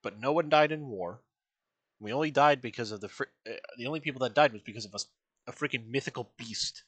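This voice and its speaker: A man streaming a reaction, rambling and excitable, full of fillers and restarts. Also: medium pitch, fast, husky. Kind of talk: casual reaction commentary.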